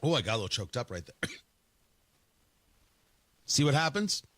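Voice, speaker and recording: A man's voice: mid-range voice, sing-song, normal speed, fairly bright tone, dry recording. A male talk radio host delivering an opinionated, sarcastic monologue from a studio, mocking opponents in quoted voices. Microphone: studio microphone.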